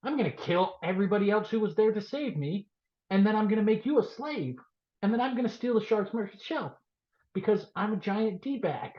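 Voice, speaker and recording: A man's voice: sits high, expressive, moderate pace, pitched above the performer's own voice. A man voicing a smug, scheming nobleman who gloats over his betrayals, on a roomy, dull podcast recording. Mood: gloating.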